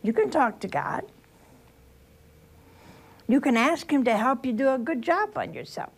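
Older religious sister, homely sermon, unhurried, very expressive pitch. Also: female voice, gravelly, husky. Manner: slow storytelling with rhetorical questions to the listeners. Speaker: religious sister giving a spiritual talk.

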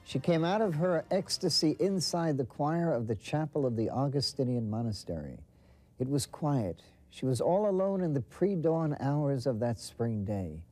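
A man narrating a saint's life story in a measured, storytelling way. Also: mid-range voice, animated, darkish tone, soft background music. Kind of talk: scripted documentary narration.

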